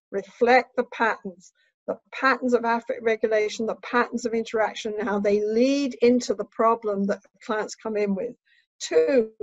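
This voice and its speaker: A woman's voice: on the high side, no room sound, dull audio. A woman therapist and trainer giving a teaching lecture, emphatic and instructive, often checking in with "right?".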